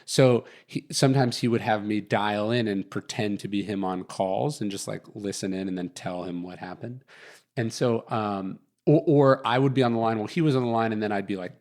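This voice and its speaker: A man's voice: lowish voice, brisk, darkish tone. A man in his thirties, a guest author telling a story in a casual interview, rambling with lots of fillers. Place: guest's chosen location.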